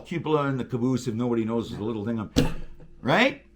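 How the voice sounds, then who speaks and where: A man telling railroad stories in casual chat, animated and profane, acting out radio calls. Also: a little high, fast talker. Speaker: guest, railroader.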